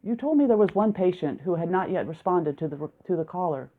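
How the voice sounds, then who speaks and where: A bald, earnest village doctor who weighs every word, as a woman reads him in a storybook audiobook. The voice sits low and comes through a thin, phone-like line. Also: animated. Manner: measured and deliberate. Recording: narrow, phone-like lo-fi sound.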